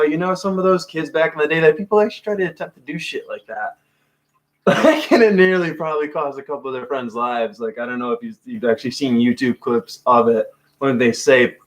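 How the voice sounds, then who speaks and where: A man's voice: medium pitch, brisk, a bit bright. A man co-hosting a casual podcast chat, telling rambling stories full of swearing and fillers. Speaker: podcast co-host.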